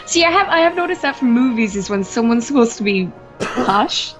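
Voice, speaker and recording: A woman chatting casually as a stream guest, animated and curious, laughing easily and asking questions. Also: a little high, normal speed, over music. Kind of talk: casual chat.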